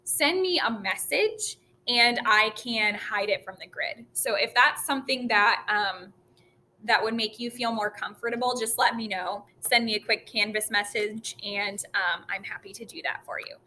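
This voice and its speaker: A woman music teacher giving a virtual lesson to children, talking slowly and clearly and chanting rhythms for them to repeat. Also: medium pitch, sharp tone, a little hiss or hum.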